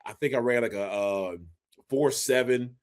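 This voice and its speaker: A man in his forties co-hosting a casual sports podcast. He tells stories with energy and acts out the voices of the people in them. His delivery is loose and conversational, with a middle-range pitch. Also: unhurried. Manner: animated storyteller, acts out quotes. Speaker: podcast co-host, former NFL fullback.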